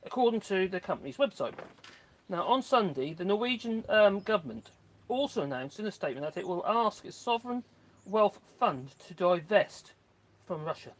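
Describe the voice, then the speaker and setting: A man with a high-pitched, sing-song voice talks at normal speed while live-streaming from his garden as the channel host. Kneeling in the mud, he rambles casually with asides to his dogs and viewers, recorded outdoors on a phone set on a tripod.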